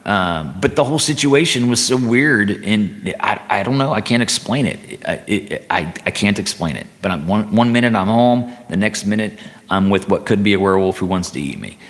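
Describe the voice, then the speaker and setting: A man on a livestream telling a rambling story, halting and repeating himself with chatty asides. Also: fairly low pitch, expressive, long reverb tail.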